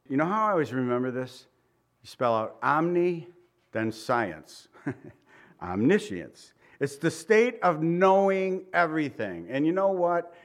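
A man preaching a Bible teaching in a loose, conversational way, chuckling and acting out the people he quotes. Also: fairly high pitch. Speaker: pastor. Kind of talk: sermon teaching.

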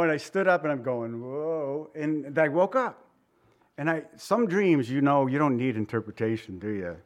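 Brief: male pastor, slightly higher voice, chatty sermon delivery with asides. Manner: conversational, rhetorical asides, slows for emphasis.

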